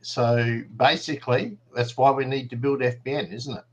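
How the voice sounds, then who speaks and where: A man co-hosting a talk show, easygoing and chatty, slipping into a quick plug for his network. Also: medium pitch, fairly even intonation, a little hiss or hum, rough recording. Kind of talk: casual chat.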